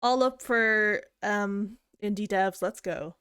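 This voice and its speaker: A woman game streamer chatting casually and rambling, self-deprecating and giggly. Her voice sits at a middle pitch and sounds close and dry, with no room around it. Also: takes it slowly, fairly bright tone, smooth, no echo. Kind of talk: casual chat.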